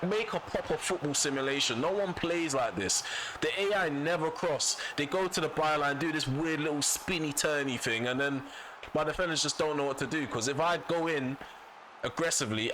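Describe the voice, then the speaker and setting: Male gaming YouTuber, bright tone, frustrated self-repeating commentary over a faint hum. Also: on the high side. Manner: frustrated, vents and repeats himself. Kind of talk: casual gameplay commentary.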